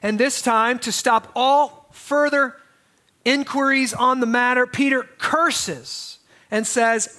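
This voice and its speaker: Male pastor, sermon, very high voice, bright tone, conversational with restarts. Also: lively intonation, slow. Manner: conversational preaching with restarts and asides.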